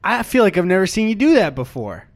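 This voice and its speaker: A man's voice: high voice, big pitch swings, fast. A young man co-hosting a podcast who laughs often and narrates the action play by play. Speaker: podcast co-host. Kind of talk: casual chat.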